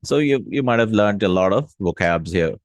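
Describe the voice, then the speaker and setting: A man with a lowish voice teaches a casual language lesson, recorded close and dry. He says each word slowly and repeats it, and keeps checking in with little "hmm?" and "no?" prompts. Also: animated, dry recording. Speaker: Arabic teacher.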